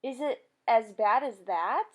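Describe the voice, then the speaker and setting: A woman's voice: fairly high pitch, animated, measured pace. A woman voicing a curious, worried young girl who keeps asking questions. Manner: asks eager, anxious questions.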